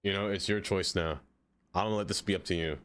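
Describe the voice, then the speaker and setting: A man streaming a game live, chatting casually with his viewers, laughing often and jumping into high excited exclamations. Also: quick pace. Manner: chatty, laughs often, talks straight to chat.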